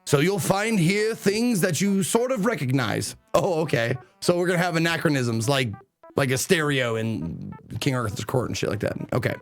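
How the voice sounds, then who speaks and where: A man streaming a game live, chatting excitably, swearing casually and reading the game's text aloud. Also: a little high, normal speed, soft background music. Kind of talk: live let's play commentary.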